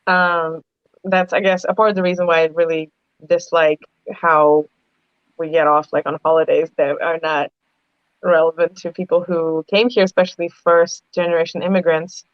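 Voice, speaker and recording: A woman's voice: lowish voice, level tone, moderate pace, clean tone, no room sound, dull audio. A woman talking animatedly in a casual group discussion, telling stories with lots of rises in her voice. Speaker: podcast panelist.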